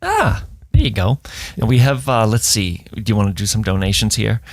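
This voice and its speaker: Casting: New man, podcast co-host, low gravelly voice, dry close mic, jokey. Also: wildly swooping pitch, moderate pace, dry recording. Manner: jokey, reads sponsor spots. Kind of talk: casual podcast chat.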